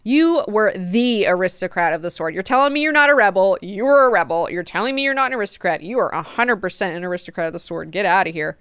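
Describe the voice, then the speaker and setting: A woman's voice: medium pitch, expressive, quick pace, few pauses, a bit bright, smooth, no echo, studio quality, lightly acted. A woman voicing an ancient male worm god who sounds laid-back and exasperated, using casual slang.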